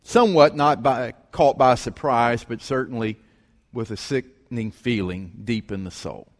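A man preaching, telling a story in an animated way and acting out the voices of the people in it. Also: medium pitch, unhurried. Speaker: pastor. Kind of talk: sermon storytelling. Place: church sanctuary. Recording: long reverb of a large hall.

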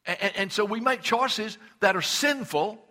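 An older man preaching a sermon with fervent emphasis, stammering on restarts and slowing down to press a point. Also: high voice, bright, forceful tone. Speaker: pastor.

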